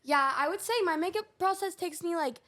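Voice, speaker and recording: Hoarse high-voiced young woman. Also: fairly quick, sharp tone. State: hoarse from cheer camp. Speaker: podcast co-host. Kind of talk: casual chat.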